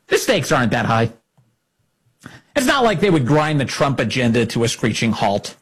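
A man hosts an opinionated political commentary show in a husky voice that climbs and falls with lively emphasis. He talks in a sarcastic, indignant way and keeps needling the people he quotes. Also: mid-range voice, normal speed.

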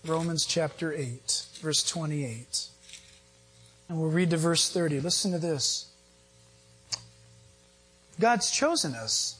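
A man pastor preaching a sermon to a live congregation in a conversational style, jumping into sudden high emphatic bursts. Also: animated, takes it slowly, long pauses, fairly bright tone, husky. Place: church with live audience.

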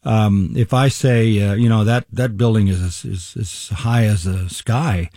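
An older man in his seventies, a pastor and Bible teacher, explaining in conversation at a deliberate pace with frequent restarts. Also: fairly low pitch, fairly even intonation, dark tone, no room sound, studio quality. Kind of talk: interview conversation.

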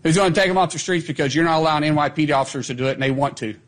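A man's voice: a little high, very fast. A man speaking as a government spokesperson, insistent and rhetorical. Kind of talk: press statement.

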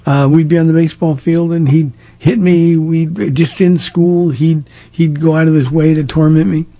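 Gravelly, husky-voiced man pastor. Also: on the high side, steady tone, moderate pace, mellow. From Southern California. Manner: plain-spoken and direct, telling stories. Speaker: pastor answering listener questions. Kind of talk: casual call-in advice talk.

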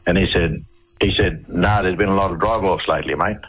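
A man's voice: low-pitched, brisk, fairly bright tone, husky, rough recording. A middle-aged Australian man telling stories as a radio interview guest, rambling and often restarting his phrases. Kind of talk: casual storytelling on a radio interview.

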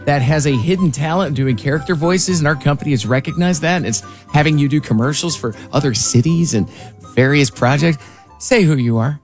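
A radio host man runs the on-air banter in a studio, teasing and upbeat. His voice sits a little high. Faint music plays behind him. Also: fairly quick. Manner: teasing, upbeat, directs the games.

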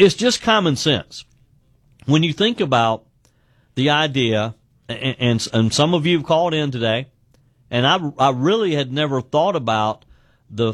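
A man's voice: mid-range voice, dry recording, clean studio sound. A man hosting a call-in talk radio show, talking conversationally and often repeating his first words. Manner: conversational, repeats words when starting sentences.

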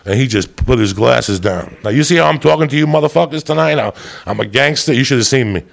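A man's voice: medium pitch, expressive, fast talker. A man doing stand-up, telling a story in a rowdy, boisterous, profane way. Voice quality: gravelly. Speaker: stand-up comedian.

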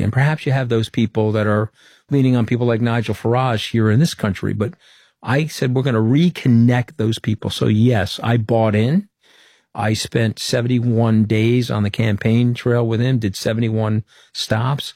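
A man's voice: medium pitch, normal speed, no echo, clean studio sound. A middle-aged man, telling stories as an interview guest and acting out the quoted dialogue. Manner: animated storyteller, acts out quoted dialogue. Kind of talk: conversational interview storytelling.

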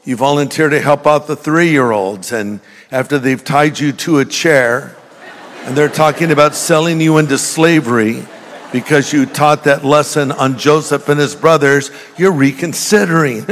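A man's voice: fairly high pitch, a little slow, a bit bright, a little hiss or hum. An older man preaching a sermon in a church, telling jokes and funny stories to the congregation. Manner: humorous storytelling, jokey asides to the congregation. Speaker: pastor. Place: large church hall. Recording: long hall reverb.

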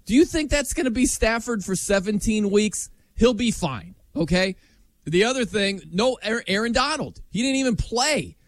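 A high, lively male voice that swoops around as he jokes his way through sports talk, laughing often. The sound is dry and close. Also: moderate pace, no echo. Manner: animated, jokey, laughs often. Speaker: sports talk show host. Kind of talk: casual sports chat.

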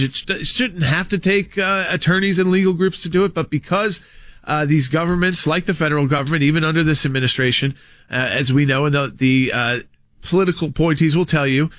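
A man co-hosting a talk radio show, explaining legal matters in a rapid, animated way with frequent fillers. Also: on the high side, no room sound, clean studio sound. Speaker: lawyer and radio co-host.

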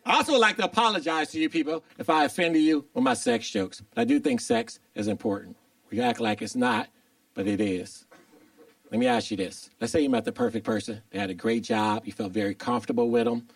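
A man's voice: medium pitch, big pitch swings, fairly quick, no echo, far from the mic. A man performing stand-up comedy, questioning and teasing the audience. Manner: crowd work, questioning the audience.

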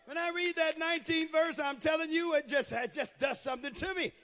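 A man preaches with call-and-response fervor. His voice sits very high for a man, and he swings from quiet asides to shouted declarations. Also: steady tone, brisk. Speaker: pastor. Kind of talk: sermon.

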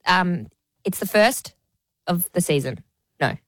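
A woman with an Australian accent co-hosting a radio show, chatty and quick to react. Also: lowish voice, lively intonation, no echo. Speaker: radio co-host. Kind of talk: casual radio banter. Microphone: studio microphone.

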